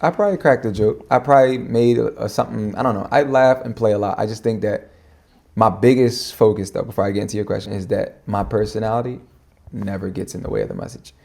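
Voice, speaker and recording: Gravelly, low-voiced man, quick slangy podcast guest talk. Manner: fast-talking, slangy, animated. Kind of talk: casual conversation.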